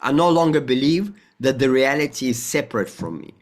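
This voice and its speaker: A man's voice: lively intonation, brisk. A man talking as an interview guest about spirituality. He rambles and restarts, swears casually, and acts out little dialogues in a raised voice. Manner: rambling and emphatic, with frequent profanity; acts out dialogue with a jumpy, higher voice. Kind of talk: conversational interview, spiritual talk.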